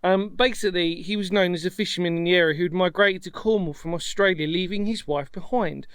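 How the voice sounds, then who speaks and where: Vlog host, male, high-pitched, dry close sound, rambling and full of fillers, talking outdoors on a cliff path. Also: brisk, fairly bright tone, clear, resonant tone, no room sound. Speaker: history vlog presenter. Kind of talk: casual chatty presenting.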